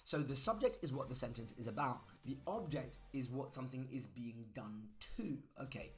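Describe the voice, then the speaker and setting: A man's voice: medium pitch, moderate pace, soft background music. A man teaching grammar in a chatty way, spelling words out letter by letter. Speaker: English teacher. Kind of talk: grammar lesson.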